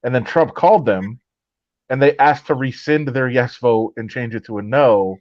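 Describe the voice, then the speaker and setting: A man's voice: medium pitch, normal speed, dry recording. Blunt man co-host, lo-fi audio. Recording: dull lo-fi audio.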